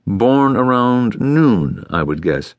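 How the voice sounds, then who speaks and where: A man voicing a calm, courteous middle-aged male detective who talks in a polite, measured way, in an audiobook. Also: medium pitch, no echo, voice pushed up. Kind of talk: audiobook character voice.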